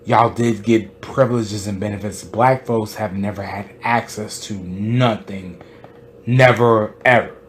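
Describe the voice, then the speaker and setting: A podcast host delivering an impassioned monologue, stressing points by repeating them and firing off rhetorical questions. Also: male voice, on the low side, fairly even intonation, measured pace, few pauses, slight background noise.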